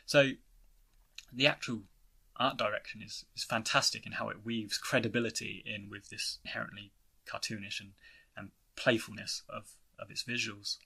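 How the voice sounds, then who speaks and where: A man's voice: lowish voice, fairly even intonation, moderate pace, vocal fry, sharp tone, breathy edge. A young British man giving a casual, rambling spoken review of a video game, with many restarts and fillers. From Britain. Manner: rambling, frequent "you know" and restarts.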